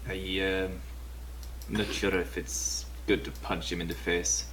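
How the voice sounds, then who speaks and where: Deep-voiced, deadpan man player. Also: measured pace, background noise. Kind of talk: in-character tabletop play.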